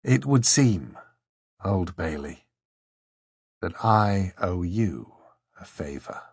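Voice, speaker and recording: A man voicing a hoarse, weary aristocratic man who half-whispers his lines. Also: lowish voice, expressive, a little slow, no room sound, full character voice.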